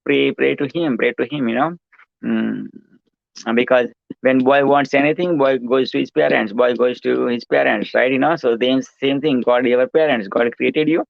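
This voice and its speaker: A man's voice: medium pitch, fairly even intonation, normal speed, gravelly, dry recording, highs cut off. A man hosting his own show, giving a rambling motivational monologue, repetitive and preachy, full of "you know" and "right".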